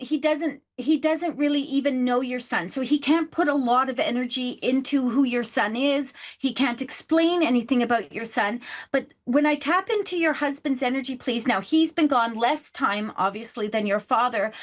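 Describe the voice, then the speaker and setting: A woman's voice: high-pitched, normal speed, hardly any pauses. A woman hosting a psychic show, giving a reading to a caller and saying please and love often. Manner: warm, affectionate, says please and love often. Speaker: psychic medium host.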